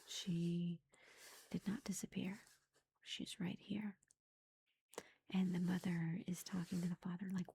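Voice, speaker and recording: A woman giving a whispered ASMR book review, retelling the plot in a soft unvoiced whisper and rambling with lots of "like" and "you know". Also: lowish voice, little pitch movement, a little slow, vocal fry, pauses often, slightly rough.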